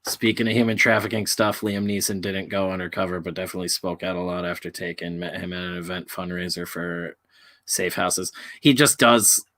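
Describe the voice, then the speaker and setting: A man's voice: low-pitched, little pitch movement, brisk, sharp tone. A man co-hosting a casual chat, joking crudely and swearing freely. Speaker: podcast co-host, filmmaker.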